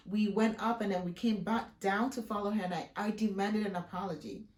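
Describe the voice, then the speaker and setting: A woman from Africa chats on her hair-care vlog in a lively, emphatic way, acting out the people in her stories. Her voice sits at an ordinary middle pitch for a woman. The recording has a roomy echo. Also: brisk. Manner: emphatic, expressive storyteller who acts out quoted voices. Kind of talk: casual vlog storytelling and how-to talk.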